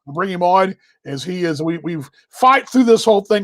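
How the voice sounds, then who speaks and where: An American man hosting a live baseball talk show, chatty and energetic, rambling with fillers. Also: high voice, moderate pace. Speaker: podcast host. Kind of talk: casual live sports talk.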